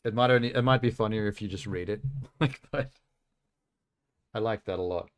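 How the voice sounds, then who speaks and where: Low-voiced man chatting over a game stream. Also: normal speed. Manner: chatty, rambling, self-deprecating asides. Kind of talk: casual live-stream commentary.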